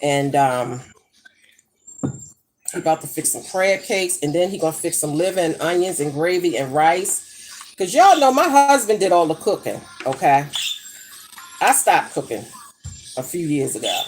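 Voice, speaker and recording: A woman's voice: low-pitched, sing-song, moderate pace, pauses often, darkish tone, soft background music. A middle-aged woman chatting casually while she cooks in her home kitchen, brash and profane as she tells gossipy stories. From United States. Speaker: vlogger. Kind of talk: casual chat while cooking.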